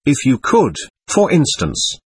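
An impatient, pompous doctor, curt and emphatic, whose pitch swings widely, as a man voices him in an audiobook. The voice is husky and the sound is dry. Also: wildly swooping pitch, slow, no echo, exaggerated voice. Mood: stern. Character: stern, impatient, pompous male society doctor. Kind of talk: audiobook character voice.

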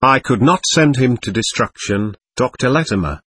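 A man reading the lines of a young woman, earnest and gently pleading. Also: mid-range voice, animated, normal speed, husky, no echo.

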